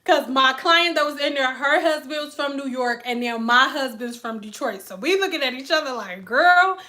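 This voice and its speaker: A young woman hair stylist casually telling a story to her viewers in an animated, chatty, slangy way. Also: sits high, normal speed. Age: young adult.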